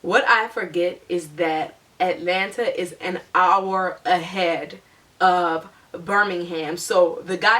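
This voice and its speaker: Young woman rambling through a storytime vlog, says like a lot, average pitch, mic a little far off. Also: takes it slowly. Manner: chatty, animated, peppered with "like". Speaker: vlogger telling a personal story. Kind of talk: casual storytime monologue.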